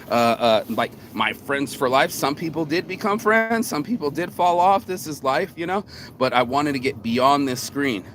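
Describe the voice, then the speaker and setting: A man's voice: fairly high pitch, fairly bright tone, a little hiss or hum. Cocky rambling man vlogging outdoors. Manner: profane, cocky, rambling with restarts. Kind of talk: rambling casual monologue. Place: outdoors in the sun.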